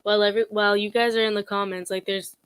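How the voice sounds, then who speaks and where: A woman's voice: medium pitch, flat delivery, rapid-fire, fairly bright tone, clean tone, no echo. Sassy, laughing young woman vlogger. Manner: sassy, laughing, blunt and mocking. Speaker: commentary vlogger. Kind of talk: casual commentary chat.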